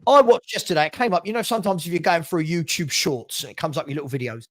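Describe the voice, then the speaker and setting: Man, high voice, passionate fan rant, repeats words, laughs between points. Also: big pitch swings, fast. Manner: passionate ranting, repeats himself, laughs often. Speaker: fan channel host. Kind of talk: heated football fan chat.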